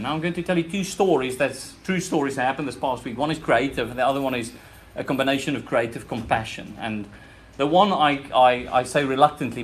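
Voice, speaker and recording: A man's voice: medium pitch, a little hiss or hum. A man with a South African accent preaching a sermon in church, earnest, often repeating words and restarting phrases as he presses his points. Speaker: pastor.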